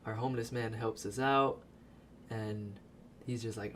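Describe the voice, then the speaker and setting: Profane, animated man recapping a movie. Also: lowish voice, unhurried, slight background noise. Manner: profane, animated storytelling with laughs. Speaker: video creator. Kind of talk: casual movie recap voice-over.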